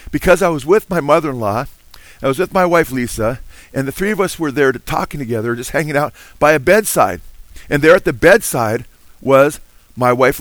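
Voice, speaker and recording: A middle-aged man delivering a sermon in an earnest, building preaching style, dropping in "amen" between points. His voice sits at an ordinary pitch for a man. The sound is dry and close, with no room echo. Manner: earnest preaching with frequent "amen" and rising emphasis. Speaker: pastor.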